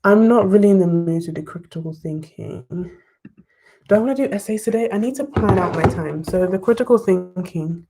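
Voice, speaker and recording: A young woman streaming herself studying live, thinking aloud through exam questions and chatting excitedly to her viewers. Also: medium pitch, brisk, breathy edge. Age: young adult. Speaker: study vlogger. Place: bedroom desk, wrapped in blankets.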